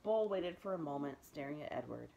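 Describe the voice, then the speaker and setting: A woman librarian reading a children's book aloud in a gentle, expressive storytelling voice. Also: deep voice, brisk, gravelly, dull audio. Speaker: school librarian.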